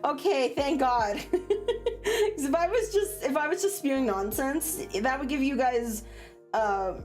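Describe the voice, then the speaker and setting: A woman's voice: sits high, unhurried, soft background music. A woman streamer chatting casually on a livestream, rambling and laughing often. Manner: animated, giggly and rambling.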